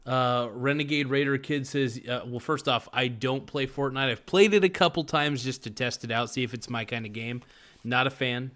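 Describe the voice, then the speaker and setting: A man's voice: medium pitch, fairly even intonation, moderate pace, fairly bright tone. Rambling, joking man streaming from home. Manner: rambling, joking, self-mocking. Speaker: live streamer reading chat. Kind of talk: casual livestream chat.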